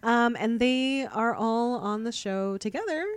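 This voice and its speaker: A woman's voice: fairly high pitch, unhurried, clear, resonant tone. A young woman co-hosting a casual podcast chat, chatty and upbeat, laughing often. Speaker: podcast co-host.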